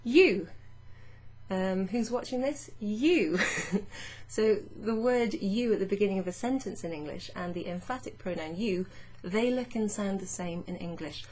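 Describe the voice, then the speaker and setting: A woman teaching French grammar in a patient, chatty way, reading French phrases slowly and explaining them. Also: medium pitch, a little mellow. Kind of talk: casual explanatory lesson.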